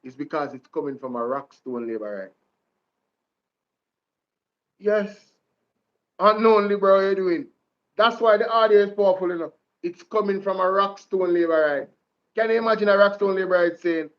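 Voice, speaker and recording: A Jamaican man hosts political commentary in a slightly high voice. He repeats his points and calls out to his viewers like a preacher. The sound is dull and lo-fi. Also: moderate pace, long pauses. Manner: preacher-like, repeats lines, addresses viewers as "ladies and gentlemen" and "Jamaica". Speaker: commentary vlog host.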